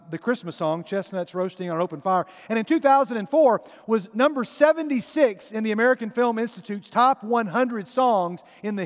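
A man preaching a sermon, telling a story in a conversational way and addressing the congregation directly. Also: high-pitched. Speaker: pastor. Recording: long hall reverb.

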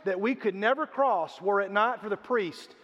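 A man's voice: sits high, normal speed, fairly bright tone. An older man, a grandfather, preaching a sermon as pastor and telling stories with acted-out voices. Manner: storytelling, acts out quoted voices. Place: church sanctuary. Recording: reverberant hall, dull lo-fi sound.

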